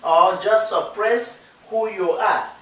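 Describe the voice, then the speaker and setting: Earnest and encouraging, a Nigerian-accented woman co-hosting a casual talk show drives her points home by repeating them, speaking slowly in a slightly bright, mid-range voice. She sits well back from the mic, so the recording is distant, with the room ringing in heavy echo.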